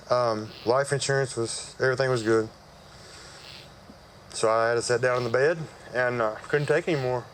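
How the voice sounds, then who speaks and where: A man's voice: medium pitch, steady tone, moderate pace, a bit bright, a little hiss or hum, rough recording. A man gives a personal church testimony outdoors. He tells it in a folksy, conversational way with frequent fillers. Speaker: church member giving testimony. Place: outdoor worship service.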